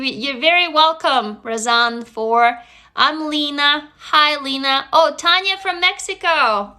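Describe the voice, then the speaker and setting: Bright-voiced Russian-accented woman livestreaming. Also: high-pitched. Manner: chatty, swears casually, greets viewers. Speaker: livestream host. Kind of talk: casual live-stream chat. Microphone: phone.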